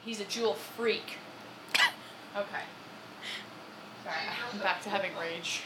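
A woman's voice: mid-range voice, slow. Ranting woman over background noise. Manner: ranting, exclamatory, laughing between outbursts. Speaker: podcast co-host. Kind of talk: casual chat.

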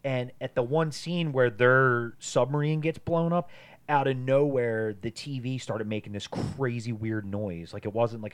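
A man's voice: mid-range voice, fairly bright tone. A young adult man co-hosting a podcast, telling a personal story in casual, rambling chat with lots of fillers and swearing. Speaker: podcast co-host.

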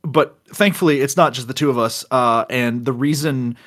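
A young man from Florida co-hosting a podcast in casual chat, excitable, with loud bursts of laughter and stumbling restarts. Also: medium pitch, moderate pace. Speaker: podcast co-host. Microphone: home computer mic on a call.

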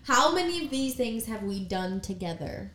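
A woman's voice: fairly high pitch, very animated, a bit bright. A young woman vlogger chatting casually with her mother, teasing and laughing. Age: young adult. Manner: quick teasing remarks, laughing. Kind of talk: casual chat. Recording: echoey room.

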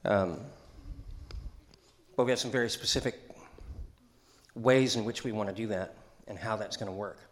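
A man's voice: fairly low pitch, moderate pace, pauses often, echoey room. A middle-aged man, a pastor, giving a conversational sermon in a church, chatty and joking, with asides and call-and-response to the congregation. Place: church sanctuary.

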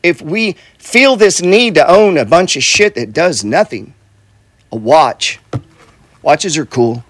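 A middle-aged man talks money in a casual, blunt way, with swearing and lots of repetition. His voice sits a bit high for a man. The sound is dry and close, with no room echo. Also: expressive, slow, a bit bright. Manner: blunt, profane, repeats himself, says "right?" and "bro". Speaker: real estate investor and coach. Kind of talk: casual motivational talk.

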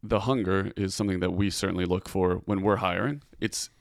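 A man's voice: deep voice, fairly even intonation, fairly quick, dry recording, clean studio sound. A man hosting an interview, asking short, friendly follow-up questions. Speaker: interview host. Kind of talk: casual interview chat.

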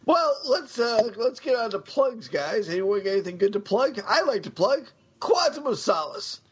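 A man's voice: very high-pitched, very animated, breathy edge. A man hosting a casual podcast, joking and swearing, with lots of fillers and restarts. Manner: joking, profane, halting with fillers. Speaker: podcast host. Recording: dull lo-fi sound.

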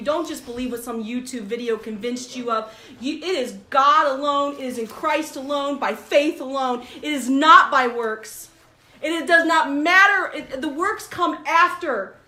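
A high-pitched, bright-toned middle-aged woman teaches a Bible study with fervent, preacherly conviction. Her voice climbs toward near-shouts when she is most passionate. The sound is roomy and echoey. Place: room with a group.

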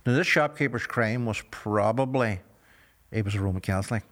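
Earnest Northern Irish man, low voice. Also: a bit bright. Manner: measured and earnest, many "you know" fillers. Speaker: guest. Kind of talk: reflective storytelling in an interview.

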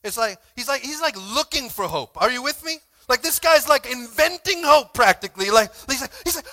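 High-pitched, fiery preaching man. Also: fairly quick, few pauses, no room sound. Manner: energetic, swings between shouting and quiet asides; informal, frequent "like" and call-and-response. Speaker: pastor. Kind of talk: sermon.

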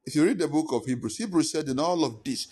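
A man's voice: fairly high pitch, lively intonation, fast talker, a little mellow, breathy edge. A male pastor preaching a sermon, emphatic and repeating his points. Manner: emphatic, repetitive teaching.

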